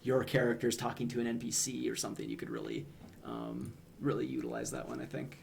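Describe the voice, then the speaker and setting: A man's voice: medium pitch, animated, fairly quick, vocal fry, darkish tone, a little hiss or hum. A young man streaming, casually analyzing game humor in a hesitant way, with frequent ums and restarts.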